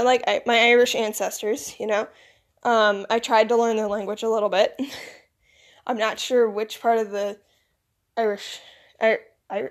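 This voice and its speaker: A woman with a Michigan accent rambles through a casual vlog monologue in a somewhat high voice. She sounds groggy, as if she woke up not long ago. Her talk is loose and full of "like" and "you know". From United States. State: groggy, recently woken. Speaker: vlogger.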